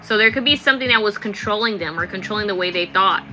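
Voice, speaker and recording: A woman's voice: medium pitch, fast, sharp tone, faint music behind, rough recording. A young adult woman giving a chatty, rambling live tarot reading with lots of fillers. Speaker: tarot reader.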